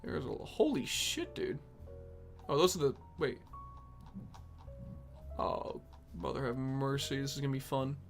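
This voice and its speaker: A man's voice: medium pitch, a little slow, vocal fry, pauses often. A young man streaming and reacting to obscure songs, rambling casually, thinking aloud and swearing often. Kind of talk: casual music reaction chat. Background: faint music from the songs he plays.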